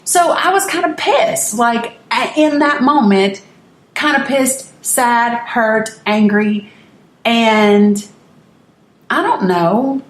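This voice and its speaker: A woman's voice: on the high side, lively intonation, takes it slowly. Candid woman telling a story, roomy room. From Northeast Tennessee. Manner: candid, emphatic, with frequent restarts. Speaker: vlogger. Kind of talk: personal storytelling to camera.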